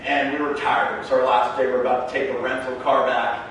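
In a very echoey hall, captured by a far-off mic with faint background noise, a man from Canada preaches as a pastor. He speaks fast in a mid-range voice, an animated storyteller who acts out the dialogue in his tales.

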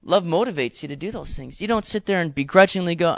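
A man preaching a sermon in a conversational, animated way, with playful asides to the congregation. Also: a little high, fast talker, gravelly, hardly any pauses, dry recording, dull audio. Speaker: pastor.

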